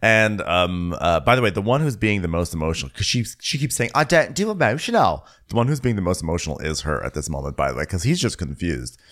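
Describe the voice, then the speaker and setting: A male podcast co-host with a lively, swooping voice, recapping a reality show in casual chat. He keeps sliding into high-pitched impressions of the cast as he tells the story. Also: fast talker, hardly any pauses.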